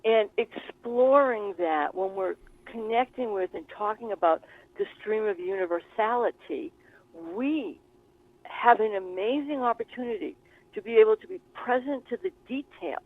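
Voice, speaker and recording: Heard through a tinny call line with no echo, a spiritual author on a show teaches conversationally, laying out her ideas earnestly and at length with many examples. She speaks at normal speed in a voice on the high side, with lively intonation.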